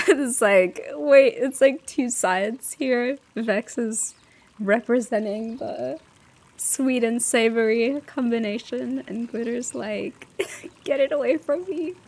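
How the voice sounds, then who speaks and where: A woman's voice: a little high, takes it slowly, darkish tone. A woman streamer chatting casually with giggly asides while reading a story live.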